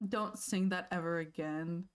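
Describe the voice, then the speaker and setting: A woman livestreaming from home, chatting casually and playfully with her viewers, easily sidetracked and quick to laugh. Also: fairly low pitch. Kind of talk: casual chat with live viewers.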